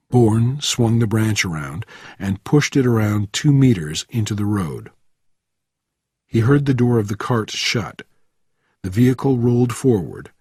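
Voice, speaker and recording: Male story reader, slow, husky, lively pitch, learner narration. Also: dry recording, clean studio sound. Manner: slow, expressive reading. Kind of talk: scripted narration for English learners.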